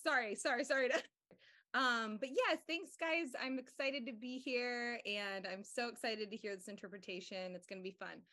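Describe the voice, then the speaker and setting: Bubbly young woman guest, slightly high. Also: normal speed, pushed and bright. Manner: bubbly, chatty. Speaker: guest, author and speaker. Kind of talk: casual chat.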